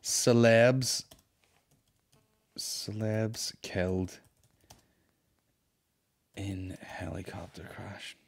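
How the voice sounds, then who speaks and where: A man's voice: on the low side, fairly even intonation, drawn-out words, creaky, pauses often, a little hiss or hum. A man hosting a comedy podcast, chatting casually in a profane, rambling, mocking way.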